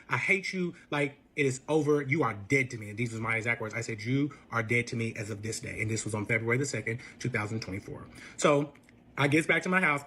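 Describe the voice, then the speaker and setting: A man retelling a messy relationship story in casual speech, animated and profane, acting out every quote. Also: on the high side, husky. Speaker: storyteller guest.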